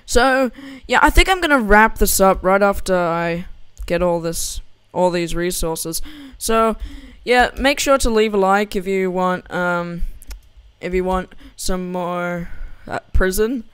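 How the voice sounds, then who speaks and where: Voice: medium pitch, measured pace, a bit bright, clear, resonant tone, no echo. Giggly, rambling young gamer. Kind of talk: casual gameplay commentary and joke telling.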